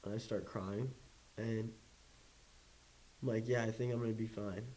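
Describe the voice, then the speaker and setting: A man's voice: on the low side, flat delivery, normal speed, mellow, a little hiss or hum, poor audio. A young man, a guest in an interview, telling a personal story in a rambling way, full of "like" and quoted dialogue. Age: young adult. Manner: rambling, heavy use of "like", quoting others. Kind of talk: candid storytelling.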